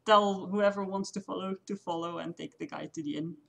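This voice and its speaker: A woman's voice: on the low side, fairly even intonation, brisk, gravelly, a bit bright. Woman at a tabletop game, giggly, laughs a lot between lines. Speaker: player. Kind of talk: tabletop role-play.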